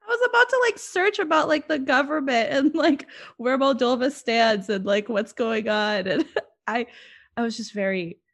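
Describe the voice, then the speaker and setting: A woman with a slightly high voice tells a rambling, giggly story in casual chat. She laughs often as she talks, and her pitch jumps as she gets caught up in it. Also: expressive, normal speed, vocal fry, a bit bright.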